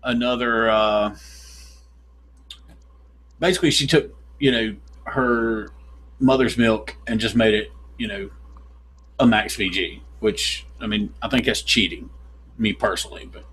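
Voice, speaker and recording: A man hosting a live-stream show in a rambling, halting, easygoing way. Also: on the low side, fairly even intonation, fairly bright tone, a little hiss or hum. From North Carolina, USA. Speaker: show host. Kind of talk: casual live-stream chat. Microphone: desk microphone on a live stream.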